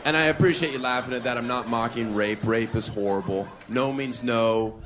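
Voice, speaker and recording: Performing stand-up on a club stage, a man with a medium-pitched voice and quick pace delivers his set in a brash, mocking way. The live recording picks up crowd noise and audience laughter.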